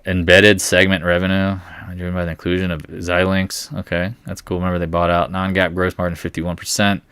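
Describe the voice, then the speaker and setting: A man's voice: low voice, little pitch movement, fairly quick, a bit bright, clear, resonant tone, no room sound. A man hosting a live market stream, thinking aloud in a wry, blunt way as he reads through earnings.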